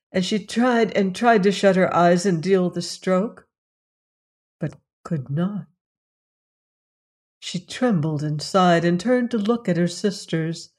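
Audiobook narrator: woman, lower voice, unhurried, solemn fairy-tale delivery. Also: a little mellow. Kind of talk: storybook reading.

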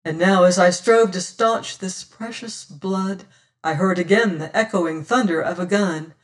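Here a mid-pitched narrator delivers a dramatic first-person audiobook at a measured pace. Volume rises on exclamations and sinks to a near-whisper in calm passages, all picked up by a distant microphone that places the voice back in the space.

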